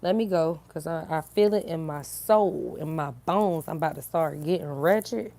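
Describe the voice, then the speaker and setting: A woman's voice: low-pitched, moderate pace, vocal fry, warm tone. A sleepy woman in a casual, giggly sign-off chat to her viewers. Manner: giggly and silly, breaks into laughter. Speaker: online inspirational speaker.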